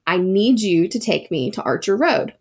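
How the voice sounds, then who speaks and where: A woman doing a quiet, distant girl ghost. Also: medium pitch, animated, moderate pace, slightly rough. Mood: firm. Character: young female ghost, quiet, shy and distant.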